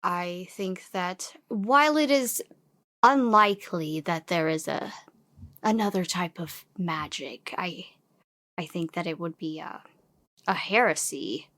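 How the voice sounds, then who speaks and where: Player, female, slow and deliberate, lowish voice, dry sound. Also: animated, fairly bright tone, dry recording. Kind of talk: in-character tabletop play.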